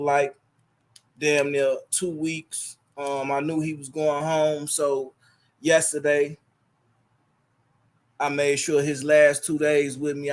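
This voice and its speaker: A man hosting his livestream, talking casually and preachily and repeating his phrases, into a laptop mic. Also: fairly high pitch. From Chicago. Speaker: livestream host.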